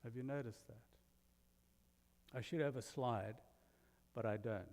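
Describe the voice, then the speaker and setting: A man from abroad delivers a sermon in an animated storyteller's manner, slipping self-deprecating humor in between the spiritual points. His voice sits in an ordinary middle pitch. The sound carries the long reverb of a church hall. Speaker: guest minister. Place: church sanctuary.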